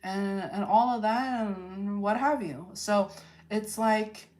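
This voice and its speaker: A woman giving a live tarot energy forecast, rambling with many fillers and tag questions, and acting out quoted people in lively voices. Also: medium pitch, slow. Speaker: tarot reader.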